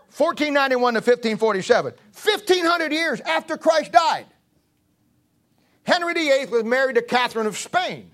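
A man's voice: very high-pitched, lively intonation, unhurried, long pauses, a bit bright. A man preaching in a folksy, joking storytelling style, often repeating himself. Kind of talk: storytelling sermon.

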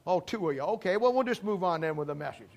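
Male pastor, high-pitched, folksy storyteller delivering a sermon. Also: expressive, fast talker, gravelly. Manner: folksy storytelling preacher, acts out dialogue.

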